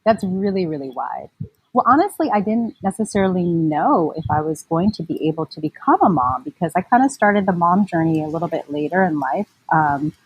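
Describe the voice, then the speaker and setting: A woman's voice: on the low side, animated, fairly quick, slightly rough, no echo, highs cut off. A woman in her forties, a mom blogger, chatting casually as an interview guest with lots of fillers and easy laughter. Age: 40s.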